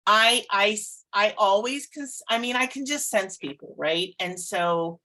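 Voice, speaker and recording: Woman, psychic and podcast co-host; casual chat, animated, laughs a lot, salty language. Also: mid-range voice, unhurried, low-quality recording. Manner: animated and expressive, laughs often, swears casually.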